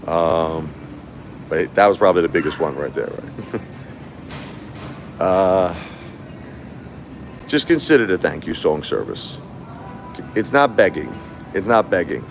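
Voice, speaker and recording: A man's voice: sits low, gravelly, slight background noise. A man hosting a casual livestream, telling a long story in a rambling, repetitive way. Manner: rambling, repetitive, animated when quoting others. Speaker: livestream host.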